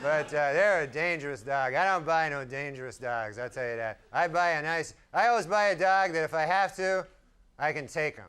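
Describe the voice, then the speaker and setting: A man doing a stand-up comedy set in a deadpan, rambling way with long asides. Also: on the high side, moderate pace. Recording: live club recording with crowd laughter and noise. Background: audience laughing.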